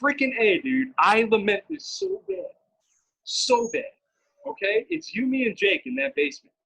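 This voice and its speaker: A man in his thirties telling a story on a casual podcast, animated and laughing often. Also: high-pitched, moderate pace, husky. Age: 30s. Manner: animated, laughs often, acts out quoted lines. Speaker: podcast co-host. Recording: dull lo-fi podcast audio.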